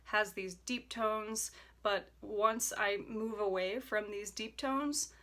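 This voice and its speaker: Bright, chatty young woman vlogger. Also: mid-range voice, slow pace. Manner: chatty and enthusiastic, with soft whispered asides. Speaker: beauty YouTuber. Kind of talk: casual decluttering vlog.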